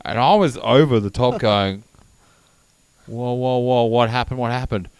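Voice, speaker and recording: A man co-hosting a podcast, telling stories in casual, animated chat with lots of swearing. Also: medium pitch, a little slow, smooth, no echo. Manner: animated, swearing, laughing storyteller. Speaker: podcast co-host.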